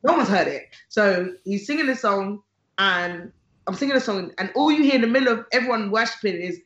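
A gospel singer tells a story in a casual conversation. The singer is lively and animated, acting out the voices of the people in the story. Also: medium pitch, brisk. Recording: roomy, slightly dull sound.

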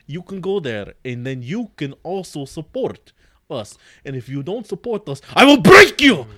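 A man's voice: fairly high pitch, very animated, moderate pace, darkish tone, no echo, studio quality. Laughing, swearing podcast host man. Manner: laughing, loose and profane. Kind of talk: casual podcast chat.

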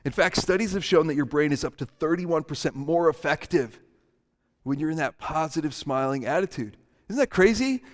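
Animated male preacher in a reverberant hall. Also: on the high side, moderate pace. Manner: animated, acts out voices and smiles for the audience. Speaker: pastor. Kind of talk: sermon.

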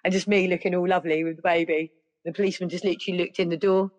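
A middle-aged woman, a podcast guest telling stories in a lively, casual way. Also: fairly low pitch, rapid-fire, highs cut off. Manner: lively, acts out other people's voices. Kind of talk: casual storytelling.

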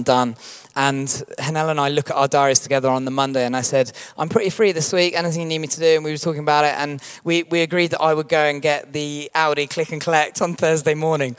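A man, a pastor preaching a sermon with animated storytelling and acted-out quotes. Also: on the high side.

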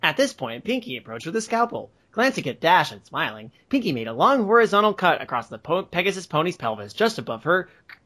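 A man co-hosting a comedy podcast, reading a story aloud with laughing, animated reactions. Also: on the high side, fairly quick.

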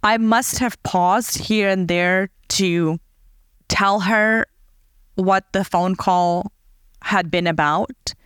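A woman's voice: mid-range voice, slow, fairly bright tone, smooth, dry recording, clean studio sound. A woman hosting a podcast, telling a personal story in an earnest, heartfelt and reflective way. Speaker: podcast host.

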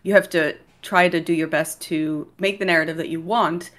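A woman talking casually in an interview, giving brisk, teasing advice about writing. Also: low voice, steady tone. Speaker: game writer.

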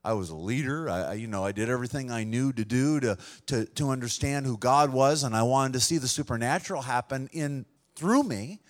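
A man's voice: mid-range voice, a little fast, hardly any pauses. A male pastor preaching a sermon to a room full of people, telling a story in an earnest, conversational way. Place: room with a congregation.

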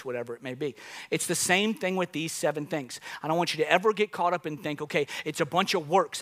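A man's voice: high voice, sharp tone. A man in his forties preaching a sermon in a conversational way, often calling out to the congregation. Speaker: pastor.

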